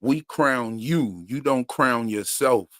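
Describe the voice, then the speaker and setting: A man's voice: mid-range voice, slow, fairly bright tone, no room sound, clean studio sound. A man co-hosting a live stream, chatting casually about a TV episode, laughing often and swearing freely. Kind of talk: casual chat reviewing a TV episode.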